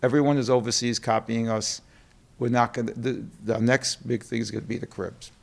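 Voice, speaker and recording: Gravelly New York businessman telling stories. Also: mid-range voice, brisk. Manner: animated storyteller acting out quotes. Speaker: guest, company co-president. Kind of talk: storytelling interview.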